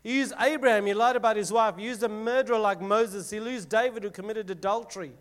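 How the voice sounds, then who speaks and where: Casual high-voiced man teaching scripture. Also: fairly even intonation, fast talker. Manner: casual, dramatic scripture reading with filler words. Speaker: youth preacher. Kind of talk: Bible teaching talk to a group.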